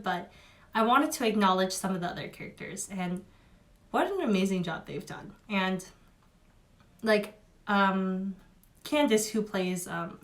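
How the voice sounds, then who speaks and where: A young woman talking through a review in a loose, chatty way. She fills her sentences with "like" and "um" and restarts often. She sounds openly emotional and heartfelt at a middle pitch. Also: fairly bright tone. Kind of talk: casual spoken review.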